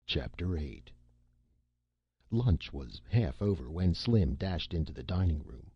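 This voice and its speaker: A man narrating a science fiction story as an audiobook, expressive and shifting into character voices. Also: extremely low pitch, slow, husky, dry recording. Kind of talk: scripted narration. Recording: dull lo-fi, dry.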